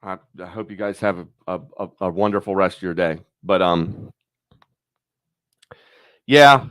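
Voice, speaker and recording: A man's voice: low voice, unhurried, a bit bright, dry recording, clean studio sound. A man hosting his own channel, thinking aloud in a rambling, profane, casual chat. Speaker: YouTube channel host.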